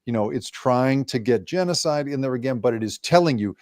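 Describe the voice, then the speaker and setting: A man's voice: medium pitch, lively intonation, brisk, a little mellow, no echo, clean studio sound. A man, a guest journalist, explaining ideas at length in an interview with many restarts. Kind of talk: remote interview.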